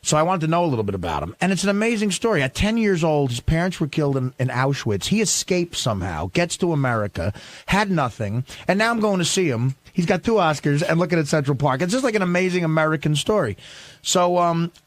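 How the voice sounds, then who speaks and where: A man's voice: a little high, very animated, fast, no room sound. A man telling a long, rambling, profane story on a radio show, full of restarts and fillers.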